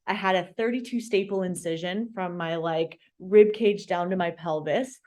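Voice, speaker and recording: A woman in her thirties, a dietitian guest on a podcast, telling a personal story in a casual, animated way. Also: fairly low pitch, moderate pace.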